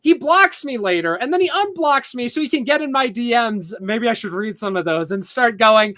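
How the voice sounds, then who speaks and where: Man, podcast host, bright tense voice, rambling, reads messages aloud, lots of fillers. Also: very high-pitched, animated, brisk, hardly any pauses. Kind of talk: casual rambling storytelling.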